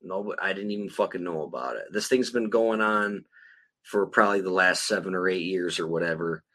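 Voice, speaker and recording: A man's voice: low voice, brisk, sharp tone. A middle-aged man co-hosting a podcast, ranting in a blunt, heated and profane way. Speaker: podcast co-host. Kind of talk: casual profane rant.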